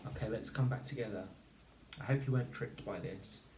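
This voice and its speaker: A man teaching a phonics lesson to children, slowly and clearly sounding out each word. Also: mid-range voice, a little mellow. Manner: slow, clear sounding-out of words. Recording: echoey room, distant mic, faint noise.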